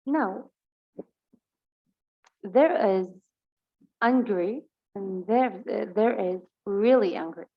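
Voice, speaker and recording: A woman teaches English with a Levantine Arabic accent, her first language being Arabic. She reads example sentences slowly and explains them at a brisk pace. The recording is slightly dull and lo-fi. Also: mid-range voice, lively intonation. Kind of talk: bilingual vocabulary lesson.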